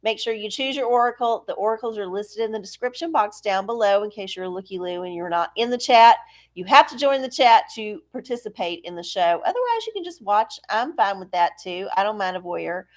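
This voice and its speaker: A woman's voice: mid-range voice, animated, a little fast. A middle-aged woman, hosting a live stream in a breezy, folksy way and cursing casually. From Texas. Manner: breezy, cussing, folksy, greeting viewers. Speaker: livestream tarot host.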